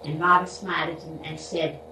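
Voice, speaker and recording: Woman storyteller, warm retelling, picked up from afar in a noisy, echoey room. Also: low voice, level tone, brisk, creaky, recorded from a distance. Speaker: speaker sharing a story.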